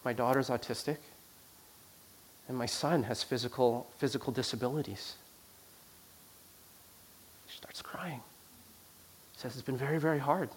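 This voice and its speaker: Sharing a personal story from the pulpit, a man shifts from loud emphasis to hushed stretches, frequently repeating words and restarting. He speaks unhurriedly with many pauses in a medium-pitched voice, against slight background noise.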